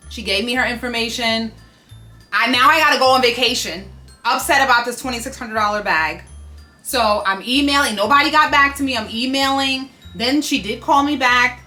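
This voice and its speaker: A woman, telling a story to the camera in an animated, indignant way and repeating herself for emphasis. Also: fairly high pitch, normal speed, soft background music. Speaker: fashion vlogger.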